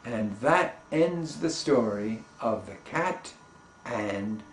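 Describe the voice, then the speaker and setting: Male storyteller, slow and playful narration; echoey room, faint hiss. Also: mid-range voice, lively intonation. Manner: playful, rhythmic sound words. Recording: roomy echo, faint background noise.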